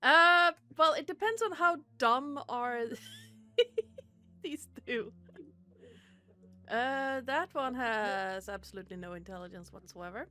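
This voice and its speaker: A woman's voice: high voice, lively intonation, slow, pauses often, sharp tone. A woman running a tabletop game as game master, talking in an easygoing, chuckling way.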